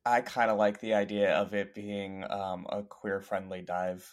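A man's voice: fairly low pitch, level tone, unhurried. A man, a player in a tabletop game, talking eagerly with many fillers. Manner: enthusiastic, lots of fillers.

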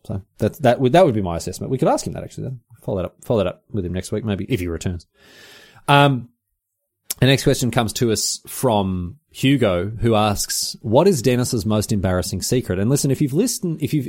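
A man with an Australian accent, hosting a podcast in fast, animated, casual solo chat. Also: on the low side. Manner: fast, animated storytelling with exclamations. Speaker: podcast host.

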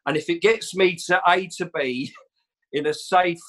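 A man telling a lively story in a casual chat. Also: high-pitched, unhurried, rough recording. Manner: lively storyteller, animated retelling.

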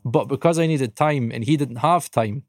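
A man's voice: mid-range voice, normal speed, dry recording, studio quality. Sweary Dundee man spinning a yarn. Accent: Scottish (Dundee). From Dundee, Scotland. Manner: animated, swears freely, laughs through the story. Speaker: podcast co-host. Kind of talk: casual anecdote telling.

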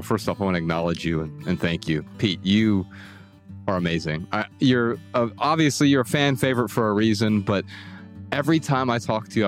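A man hosting a podcast, thanking his guest and signing off. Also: on the low side. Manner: warm thanks, relaxed plugs. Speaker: podcast host. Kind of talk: podcast sign-off.

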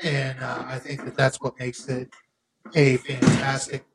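A man's voice: medium pitch, completely flat delivery, measured pace, over music, poor audio. A man in his thirties co-hosting a casual podcast, talking in a heated, emphatic, profane way. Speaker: podcast co-host.

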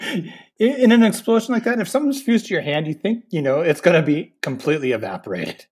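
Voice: medium pitch, sing-song, fast, slightly rough. A podcast co-host chatting casually about a film, chiming in with quips and laughing. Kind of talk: casual movie chat.

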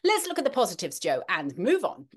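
A middle-aged woman, co-hosting a casual weather chat, animated and talkative, with frequent ums and restarts. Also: lowish voice, fairly quick, breathy edge. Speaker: podcast co-host, weather presenter.

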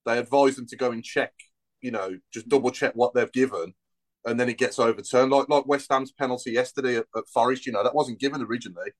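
A man talking football on a casual podcast, rambling with plenty of fillers. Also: medium pitch. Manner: fast, rambling, lots of fillers. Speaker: podcast panelist.

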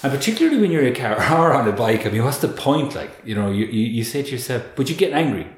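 A man, a guest expert explaining in an earnest, animated way, often restarting with repeated words. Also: medium pitch, quick pace. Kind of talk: conversational explaining. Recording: roomy echo.

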